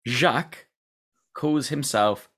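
A man's voice: medium pitch, slow, heavy background noise. A man hosting a podcast, recapping a TV episode in sweary, laughing casual chat. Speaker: podcast host.

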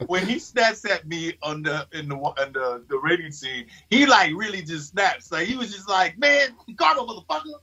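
A man with a husky, slightly high voice recounts his time on set in a casual interview. He is an animated storyteller who laughs often. The recording sounds dull and lo-fi. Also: moderate pace, few pauses. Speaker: actor.

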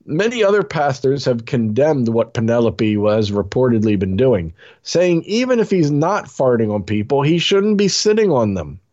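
A man's voice: mid-range voice, very animated, moderate pace, few pauses, a little mellow, lo-fi sound. A man co-hosting a casual comedy podcast, reading a news story aloud with jokes and put-on voices for the quotes.

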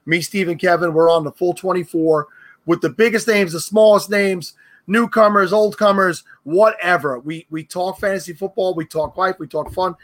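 A man's voice: sits high, fairly even intonation, moderate pace. A man from New York, a guest on a podcast, joking and chatty. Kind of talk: casual podcast chat.

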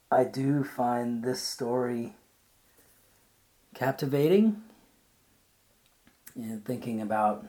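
A man reading a short story aloud, then musing about it in a thoughtful, halting way. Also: medium pitch, dark tone. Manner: thoughtful, searching for words. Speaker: reader.

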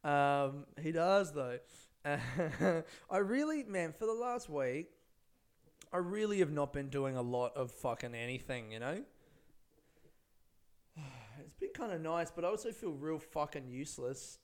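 A man's voice: fairly high pitch, big pitch swings, unhurried. A young man, a stand-up comedian, rambling laid-back through a casual solo podcast on a close microphone, swearing often.

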